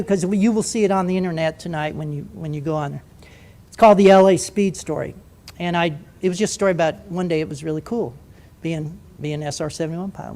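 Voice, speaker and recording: An older man, a retired jet pilot, telling a story to a live audience in an animated way, breaking into quoted voices. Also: sits high. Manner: animated, acts out radio voices and asides.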